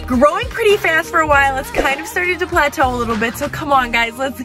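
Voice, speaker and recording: A bubbly young woman talks straight to her viewers in an eager, chatty rush. Her voice sits a little high, and music plays clearly underneath her. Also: a little fast. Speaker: vlogger host. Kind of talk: casual talk to camera. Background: background music.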